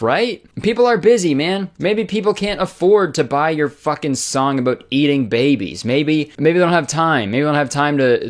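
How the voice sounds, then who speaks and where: A young man doing comedic internet commentary, ranting sarcastically and swearing in exasperation. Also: mid-range voice.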